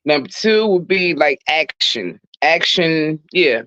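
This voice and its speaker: A podcast guest chatting casually about movies, in a relaxed, playful, drawn-out way. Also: medium pitch, dry recording. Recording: dull, dry recording.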